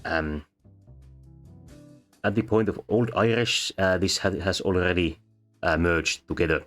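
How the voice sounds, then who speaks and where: A man explaining sound changes as a lecturer, pausing often with ums and uhs. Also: low-pitched, steady tone, fairly bright tone. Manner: halting, many ums and uhs. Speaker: linguistics lecturer. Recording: faint background music.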